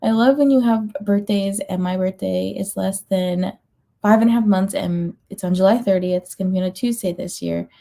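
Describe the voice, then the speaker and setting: A woman in the middle of her voice range chats casually with her livestream viewers. Her tone is mellow and warm rather than bright, and she sounds sleepy, yawning now and then. She fills her talk with ums and likes and small laughs. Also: medium pitch, normal speed, vocal fry. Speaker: livestream host of reading sprints. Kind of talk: casual chat reading out viewer comments.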